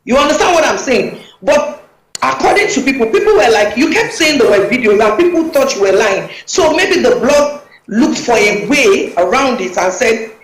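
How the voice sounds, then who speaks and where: A woman's voice: a little high, expressive, moderate pace. Emphatic woman on a roomy video call. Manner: emphatic, urgent, pleading. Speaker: guest. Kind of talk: talk show interview.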